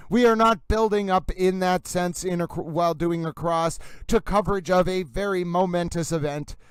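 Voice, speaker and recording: Guy hosting a live stream, high smooth voice, over-the-top grand delivery, dry close mic. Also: fairly even intonation, moderate pace, no echo, low-quality recording. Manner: theatrical, mock-grandiose. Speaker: livestream host.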